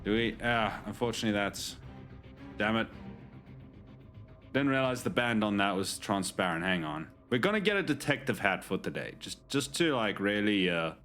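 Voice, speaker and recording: Lively man chatting on a stream. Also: on the low side, moderate pace, faint music behind. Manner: chatty, joking with chat, lots of restarts. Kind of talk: casual live-stream chat.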